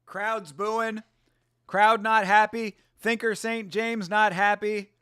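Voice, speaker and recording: A man hosting a fight watch-along, giving casual, excitable reaction commentary. He yells at the fighters, laughs often and sits close to the mic. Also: high voice, takes it slowly, smooth, dry recording.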